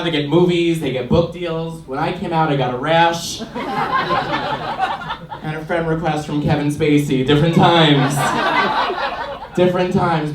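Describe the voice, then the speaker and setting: A man delivers brash, punchy stand-up in a slightly high voice. He is recorded from a distance in a roomy comedy club. Clear background noise runs under his voice. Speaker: stand-up comic.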